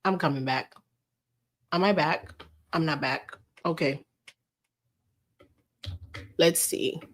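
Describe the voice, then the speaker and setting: A woman with a low-sitting voice speaks slowly while hosting a casual livestream about celebrity news. She reads an article aloud and mocks it, laughing often and throwing in sarcastic, incredulous remarks. The sound comes from a livestream camera setup.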